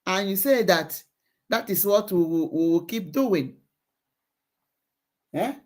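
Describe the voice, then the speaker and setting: A woman's voice: medium pitch, animated, takes it slowly. A woman hosting a live online show, giving impassioned commentary and repeating phrases for emphasis.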